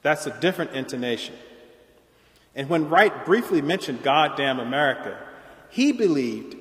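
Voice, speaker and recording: A man giving an academic lecture in a measured, explanatory way, with occasional restarts. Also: fairly high pitch, sing-song. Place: large lecture hall. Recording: roomy hall reverb.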